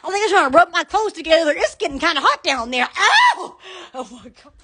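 A woman's voice: very high-pitched, big pitch swings, a little fast, pushed and bright. A woman hosting a live stream from her shop, rambling giddily, squealing and laughing between words. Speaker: live-stream host selling shop goods.

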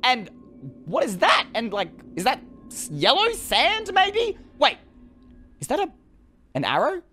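Animated woman narrating gameplay. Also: high voice, a little slow, husky, faint music behind. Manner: animated, chatty, exclaiming in excitement. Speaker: gaming video creator. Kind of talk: let's-play commentary to viewers.

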